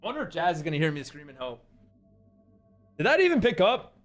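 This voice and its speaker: A man's voice: on the high side, sing-song, quick pace, faint music behind. A man streaming a game live, casually chatting and answering his viewers' messages with rambling talk and frequent giggles. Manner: rambling, giggly, reads chat aloud.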